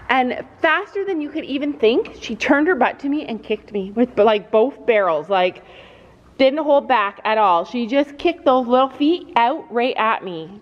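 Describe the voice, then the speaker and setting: Animated middle-aged woman vlogging in a barn. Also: high voice. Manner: animated, dramatic storyteller who coos at her horses. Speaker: family vlog host. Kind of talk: casual chatty vlog storytelling. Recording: echoey, slightly dull, faint ambience.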